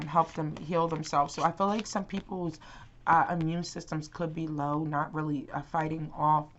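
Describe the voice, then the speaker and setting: Young woman, tarot vlogger, deep register, loose filler-heavy delivery, muffled home audio. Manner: rambling, many fillers and restarts. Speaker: tarot reader. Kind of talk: casual tarot reading to camera.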